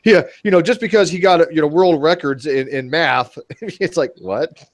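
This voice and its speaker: A man chatting casually in an online commentary show, joking and animated. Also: normal speed, dry recording. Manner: animated, joking, swings in pitch.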